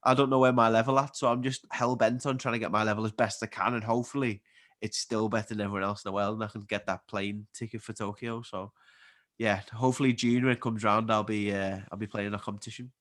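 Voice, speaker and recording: A man in his twenties with a Scouse accent, chatting casually as a podcast guest and telling animated stories. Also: fairly low pitch. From Liverpool, England. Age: 20s. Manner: animated storyteller, quick and chatty. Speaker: guest athlete. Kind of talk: casual chat.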